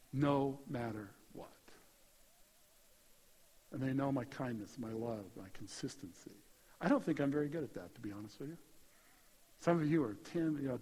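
A pastor preaching a sermon in a conversational, animated way, building to emphatic peaks. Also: male voice, on the high side, breathy edge. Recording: hall reverb.

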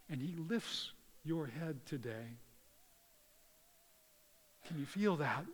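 A man preaching a sermon in an earnest way, swinging from hushed, tender lines to loud emphasis. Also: fairly high pitch, in a large hall. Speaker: pastor.

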